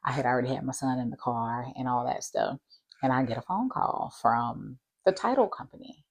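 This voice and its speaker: A woman, casually telling a story to camera in a chatty, animated way. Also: moderate pace, no echo. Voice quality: husky, gravelly low voice. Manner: chatty, animated retelling with laughs and mimicked voices. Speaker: vlogger.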